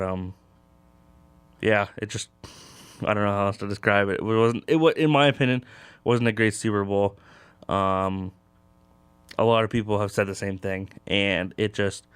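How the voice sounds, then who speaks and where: A man's voice: on the low side, a bit bright, smooth, no room sound. A young man hosting a casual sports talk show, rambling with lots of fillers. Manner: loose and rambling, many fillers.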